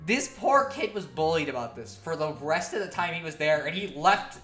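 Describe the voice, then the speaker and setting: A woman's voice: low-pitched, lively intonation, moderate pace, a bit bright. A woman streamer telling a long story in a casual, profane, laughing way.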